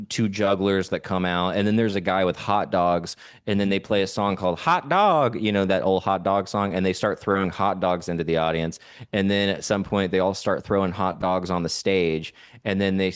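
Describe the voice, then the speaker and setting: A man's voice: low-pitched, clear, resonant tone. A man co-hosting a podcast, chatting casually and rambling enthusiastically about a show he saw. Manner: enthusiastic, rambling with fillers and restarts. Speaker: podcast co-host. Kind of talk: casual chat.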